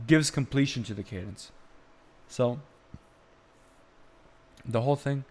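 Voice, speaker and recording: Slow-talking man teaching chant. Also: medium pitch, darkish tone. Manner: unhurried explaining, breaking into sung phrases. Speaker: music teacher. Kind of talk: live-streamed chant lesson with sung examples.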